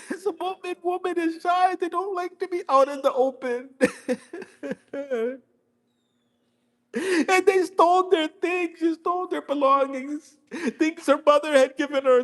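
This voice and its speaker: A man delivers a Muharram mourning sermon in a mosque, weeping through his words. His voice sits strikingly high and strained with grief, and it swells into anguished cries. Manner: impassioned, breaking into sobs, voice rising to cries. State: sobbing. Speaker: sheikh giving a mourning sermon. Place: mosque hall.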